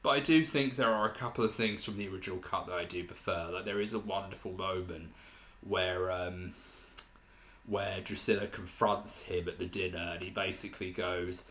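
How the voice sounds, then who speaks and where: Young male film reviewer, lowish voice, loose rambling delivery with many fillers, recorded in an echoey room. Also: fairly even intonation, normal speed, a bit bright. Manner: rambling, hesitant, lots of fillers and restarts. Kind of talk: casual spoken review. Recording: roomy echo in a room.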